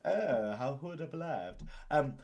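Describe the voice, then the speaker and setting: A man's voice: medium pitch, animated, slow pace, lo-fi sound. A man co-hosting a podcast, chatting loosely, laughing often and going off on tangents. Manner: laughs often, rambling, self-deprecating. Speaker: podcast co-host. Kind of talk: casual chat.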